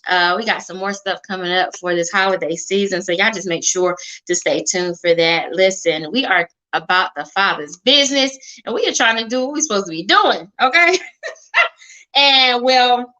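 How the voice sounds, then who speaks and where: Bright-voiced woman hosting live. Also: mid-range voice, expressive, moderate pace, poor audio. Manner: chatty, hypes the audience, says y'all and okay a lot. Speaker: show host. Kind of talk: live-stream talk show intro.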